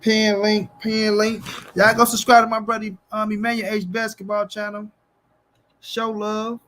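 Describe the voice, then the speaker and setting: Reading comments from his chat, this man hosts a casual boxing livestream, using slang and saying things more than once to drive them home. His voice is high and fairly bright but totally flat, his pace unhurried, and there's a faint hiss or hum.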